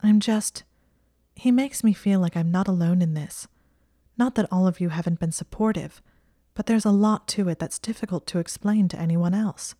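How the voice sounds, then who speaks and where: A woman's voice: fairly low pitch, normal speed, dark tone, no room sound, clean studio sound, natural voice. A woman voicing a stubborn, anxious young witch who is defensive and tearful.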